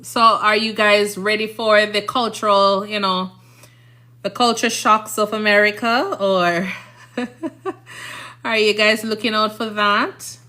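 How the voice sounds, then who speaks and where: Speaking slowly in a medium-pitched, steady voice with a sharp tone, a Jamaican-accented woman in her thirties, a nurse, rambles casually on a live stream. She frequently asks "you understand?".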